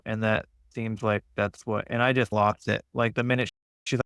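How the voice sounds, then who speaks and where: A man's voice: on the low side, little pitch movement, normal speed, fairly bright tone, clean tone, dry recording, clean studio sound. Earnest man guest, frank and open. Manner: open, earnest, speaks frankly about personal struggles. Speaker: podcast guest. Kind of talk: casual chat.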